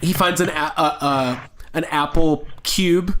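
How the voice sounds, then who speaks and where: A man's voice: on the high side, takes it slowly, fairly bright tone, slight background noise. A young man hosting a film podcast, steering the talk with jokes and self-mocking asides. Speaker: podcast host. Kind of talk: casual chat.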